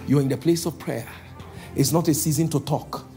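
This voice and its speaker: A man preaching a sermon as pastor, calling out to the congregation and slowing down for emphatic lines. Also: a little high, faint music behind. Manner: calls out to the congregation, shifting between loud exhortation and slow emphatic lines.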